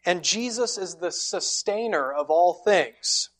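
A woman preaching a sermon, telling the story dramatically and swinging between loud, forceful lines and hushed ones. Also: lowish voice, lively intonation, slow.

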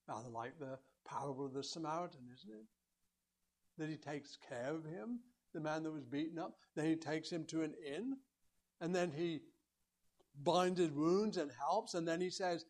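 High-voiced earnest male preacher. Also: expressive, normal speed, darkish tone. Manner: earnest, rising to emphatic peaks then dropping low; rhetorical questions to the congregation. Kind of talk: sermon.

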